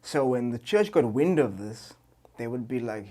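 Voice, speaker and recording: A young man, a musician guest on a podcast, telling stories in a loose, excitable way, full of slang and swearing. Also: medium pitch, normal speed. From Cape Town, South Africa. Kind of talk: casual chat.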